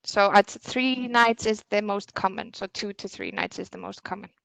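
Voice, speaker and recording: A woman's voice: mid-range voice, normal speed, gravelly, a bit bright, no echo, rough recording. A woman representing a hotel who answers webinar questions over a video call in short, hesitant replies.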